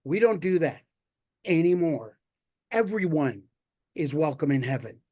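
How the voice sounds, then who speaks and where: Man doing God, firm and calm, slow and high-voiced. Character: God, welcoming male authority.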